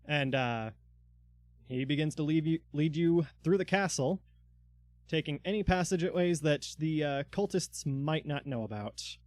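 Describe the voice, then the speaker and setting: A man's voice: fairly high pitch, animated, unhurried, no room sound. A man narrating a tabletop game as dungeon master, in loose narration full of fillers.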